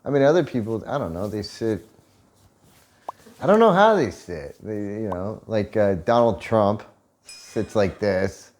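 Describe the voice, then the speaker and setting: A man with a somewhat low voice talks casually on a couple's vlog. He jokes and swears freely, with a sarcastic edge. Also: lively intonation, a little slow, a little mellow. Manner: joking, profane, sarcastic asides. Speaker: vlog co-host.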